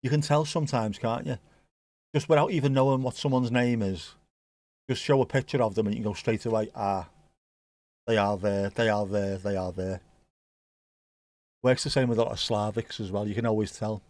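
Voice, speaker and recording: A man with a British accent hosting a football watchalong, making jokes and bursting into excitement at the goals. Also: mid-range voice, quick pace, no room sound. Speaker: watchalong host. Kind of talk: casual live match commentary.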